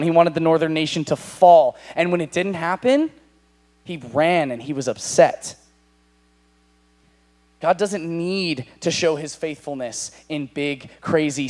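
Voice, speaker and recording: An American man preaches to a room of young adults, his voice sitting a little higher than most men's. He tells the story with animated energy, slipping into the voices of the characters he describes. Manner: animated, voices God and Elijah in paraphrase. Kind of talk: sermon.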